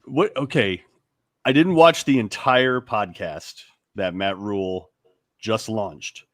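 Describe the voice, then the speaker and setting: A man co-hosting a casual sports talk show, animated and rambling, often laughing and restarting his sentences. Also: on the low side, takes it slowly, no room sound, studio quality. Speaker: sports radio co-host.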